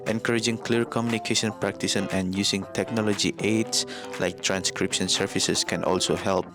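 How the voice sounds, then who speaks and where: A man narrating a class presentation in a steady, earnest reading. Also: low voice, moderate pace. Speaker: student presenter. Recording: music bed behind the voice.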